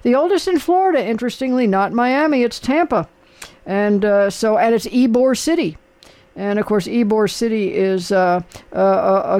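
A man's voice: high-pitched, gravelly, a little mellow. Rambling, chatty older man. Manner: rambling, chatty, many fillers. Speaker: radio host. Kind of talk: casual chat.

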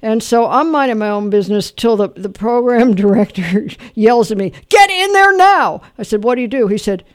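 A man hosting a call-in music quiz show on radio, telling stories and running the quiz with quick banter. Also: high voice, a little mellow, no room sound, studio quality. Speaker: radio host.

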